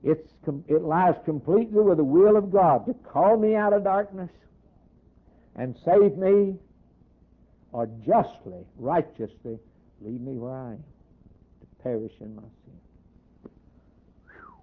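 A man preaching a sermon with a slightly high voice, working in waves that climb loud and then sink almost to a hush. He quotes scripture in old-fashioned wording. The sound is thin and narrow, like it came over a phone line. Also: unhurried, long pauses. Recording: tinny phone-like recording.

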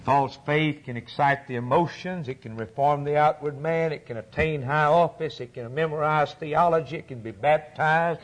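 A man preaching a sermon with fervent swings from loud, rising peaks to low, hushed lines. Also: normal speed, few pauses.

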